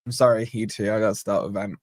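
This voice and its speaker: An upbeat man hosting a live stream, chatting casually and reading out super chats with shout-outs. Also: lowish voice, steady tone, quick pace, no room sound, studio quality.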